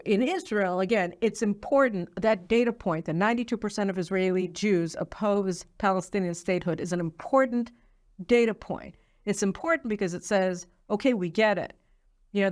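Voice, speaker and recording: A woman hosting a political commentary show, talking in an opinionated way with many fillers. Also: mid-range voice. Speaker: host.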